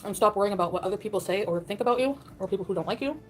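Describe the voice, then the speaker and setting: A woman's voice: mid-range voice, rapid-fire, slight background noise. A woman livestreamer chatting casually with viewers, rambling and laughing at herself.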